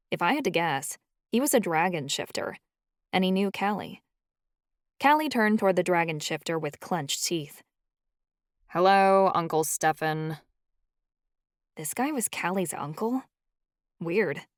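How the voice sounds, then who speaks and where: Dry, low-voiced woman narrating a story. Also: dry recording. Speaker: audiobook narrator. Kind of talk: scripted first-person narration.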